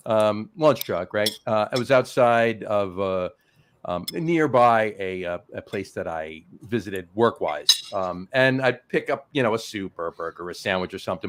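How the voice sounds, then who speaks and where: A man's voice: on the low side, lively intonation, normal speed, a bit bright. A man with a New Jersey accent hosting a casual chat show, telling stories with plenty of ums and uhs. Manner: rambling storyteller, lots of ums and uhs. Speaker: host.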